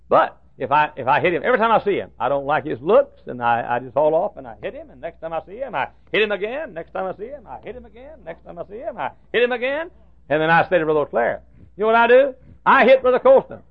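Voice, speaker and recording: Male preacher, fairly high voice, folksy and animated, swinging loud to hushed; dull lo-fi recording. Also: fast talker, vocal fry. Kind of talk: sermon.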